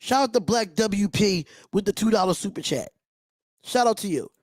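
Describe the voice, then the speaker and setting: A man's voice: high-pitched, animated, normal speed, no room sound, clean studio sound. A man hosting a live fan reaction stream, talking with passion, bluntness and frequent swearing. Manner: impassioned, blunt, swears freely. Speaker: livestream host. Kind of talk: emotional fan reaction livestream.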